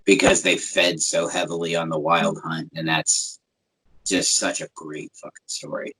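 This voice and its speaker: A man's voice: deep voice, level tone, a little slow, pushed and bright, slightly rough, rough recording. A man cohosting a podcast, rambling in casual chat and swearing casually.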